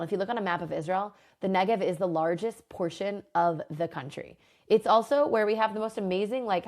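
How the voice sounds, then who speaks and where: A woman's voice: medium pitch, darkish tone. Brief: enthusiastic woman host, chatty storytelling lesson, mid-range voice. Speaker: host and Bible teacher.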